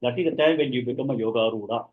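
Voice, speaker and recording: A shloka teacher runs an online class, explaining each verse and then chanting it so students can repeat after him. His medium-pitched voice races along, sounding narrow through tinny audio.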